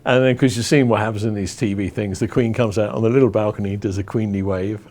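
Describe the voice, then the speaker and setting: A man from England teaching about worship in stages, telling a story with lively acted-out crowd chants. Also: lowish voice, fast talker. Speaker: worship leader.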